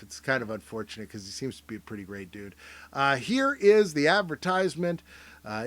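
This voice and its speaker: A man's voice: mid-range voice, bright, forceful tone, no echo. A man hosting a casual, joking commentary show, rambling and sometimes trailing off into mumbles. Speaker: host.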